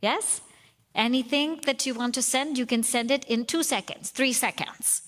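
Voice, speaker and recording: A woman's voice: high-pitched, moderate pace, fairly bright tone. A woman giving a spiritual retreat talk with stories, repeating phrases and dropping to a whisper for emphasis. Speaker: spiritual teacher. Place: retreat hall. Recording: long reverb of a hall.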